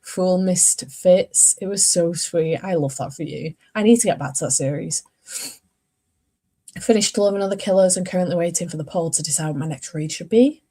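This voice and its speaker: Young woman, casual book vlogger, chatty and rambling, self-correcting, slightly low pitch. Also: moderate pace, dark tone. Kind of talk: casual chat.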